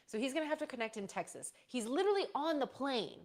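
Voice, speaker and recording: A woman's voice: high voice, big pitch swings, fast. A young woman chatting casually on a live stream, rambling through stories and answering chat with playful slang.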